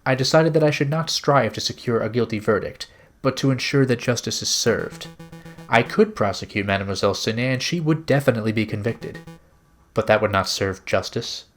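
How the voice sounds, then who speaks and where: A man's voice: medium pitch, fairly bright tone, faint music behind, lightly acted. A man reading a grave prosecutor, Severin. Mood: measured. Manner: measured, serious. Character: grave male prosecutor, measured and reflective.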